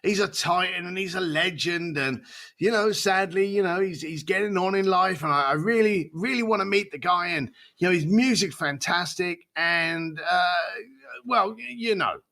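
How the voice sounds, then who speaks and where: A man's voice: sits high, normal speed, bright, forceful tone. A man as a podcast guest, telling stories with animation and acting out the voices of people he quotes. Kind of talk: storytelling in a podcast interview.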